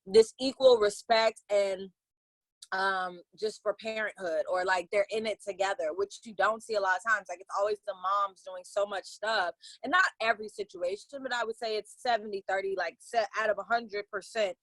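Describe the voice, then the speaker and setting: A woman co-hosting a podcast, chatting casually with slangy, animated storytelling. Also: medium pitch, moderate pace, no echo. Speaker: podcast co-host. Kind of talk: casual chat.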